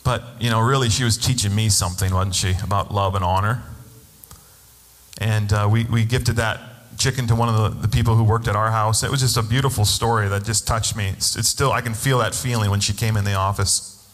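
A man's voice: lowish voice, fairly even intonation, a little fast, big-room sound. A man preaching a sermon as a pastor, telling a personal story and acting out the voices of the people in it. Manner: storytelling, acts out quoted voices.

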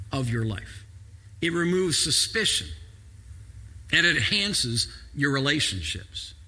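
A pastor preaches with lively, sweeping pitch and a bright, husky edge to his voice. He drops low and soft, then climbs to shouted emphasis. The sound rings with the long reverb of a church hall. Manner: animated preaching, swings from quiet to shouting. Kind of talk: sermon.

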